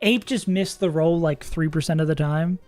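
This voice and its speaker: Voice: medium pitch, moderate pace, darkish tone, no room sound, faint music behind. A streamer casually talking through a game live, thinking aloud, laughing often and swearing now and then. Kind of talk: casual livestream commentary while playing.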